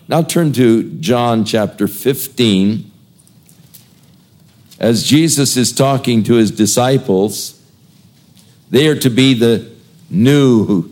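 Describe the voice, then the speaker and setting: Slow, conversational male pastor for sermon reading. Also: mid-range voice, darkish tone. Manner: conversational storytelling preacher. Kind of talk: expository sermon.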